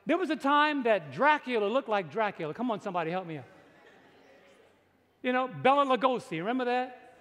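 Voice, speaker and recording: A pastor preaching a dramatic sermon to a congregation, slowing down to stress his points. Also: very high-pitched, lively intonation, a bit bright, in a large hall. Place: large church before a congregation.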